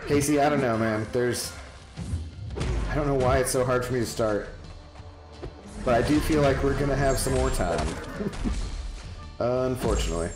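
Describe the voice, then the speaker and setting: A male game streamer rambles through casual chat with his viewers and answers them one by one by name. His voice sits in a roomy, echoing space. Music plays clearly underneath. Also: medium pitch, normal speed, long pauses.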